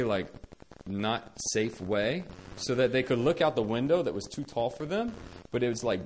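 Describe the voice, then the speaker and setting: A young man recounts a story casually, in a mid-range voice that is neither high nor low. He talks in animated bursts, restarting phrases and loudly acting out his own words. A faint noise sits behind him. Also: rough recording. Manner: animated, acts out his own quoted lines loudly, frequent restarts and laughs. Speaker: storyteller recalling caring for children. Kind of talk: casual personal storytelling to viewers.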